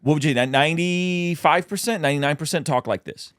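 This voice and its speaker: A man hosting a casual commentary podcast, animated and excitable, his voice leaping high when he reacts. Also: fast talker, no room sound, clean studio sound. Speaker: podcast host.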